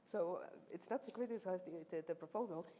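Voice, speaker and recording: Recorded in an echoey university ceremony hall with faint background noise, a woman speaks a little fast in a fairly low, dark voice. As a supervisor giving a laudatio, she keeps the formal speech chatty and teasing, with plenty of fillers.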